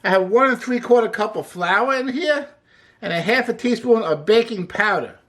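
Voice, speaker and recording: A man's voice: sits high, normal speed, fairly bright tone. Chatty man cooking and explaining. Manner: chatty, upbeat, talks while working. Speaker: cooking show host. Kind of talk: casual cooking demonstration. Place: home kitchen.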